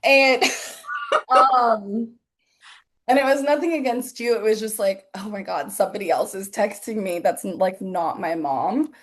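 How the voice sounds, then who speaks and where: A young woman co-hosting a podcast, talking casually with slang and quick reactions. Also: medium pitch, a bit bright. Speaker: podcast co-host. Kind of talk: casual chat.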